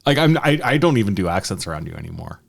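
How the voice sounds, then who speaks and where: Guy co-hosting a podcast, kinda low voice but bouncy, keeps restarting his sentences. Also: sing-song, vocal fry. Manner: rambling, halting with many restarts and fillers. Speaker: podcast co-host. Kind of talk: casual chat.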